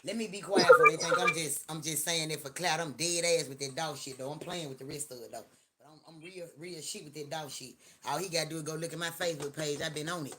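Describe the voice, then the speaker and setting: A middle-aged woman hosting a live stream, talking in a loud, profane, joking rant. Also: sits low, wildly swooping pitch, fast talker, a crowd in the background. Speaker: livestream host. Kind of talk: casual live-stream chat.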